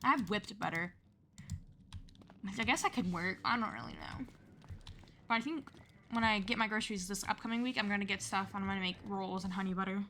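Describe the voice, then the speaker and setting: A woman's voice: mid-range voice, brisk, long pauses, bright, forceful tone, slight background noise. A young woman hosting a gaming channel who rambles chattily through stories while she plays and laughs often. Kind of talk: casual chat over gameplay. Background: game music.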